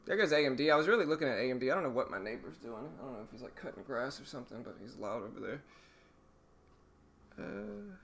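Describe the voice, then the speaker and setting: Hoarse man thinking aloud over trades. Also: mid-range voice, slight background noise. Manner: thinking aloud, relaxed, halting. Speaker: stream host, day trader. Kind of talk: live trading commentary.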